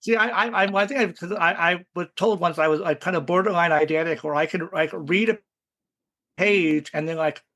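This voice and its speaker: Man guest, higher-pitched, thinks aloud, stumbles over repeats. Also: sharp tone. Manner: halting, repeats words as he thinks. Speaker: podcast guest. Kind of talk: casual book-club chat.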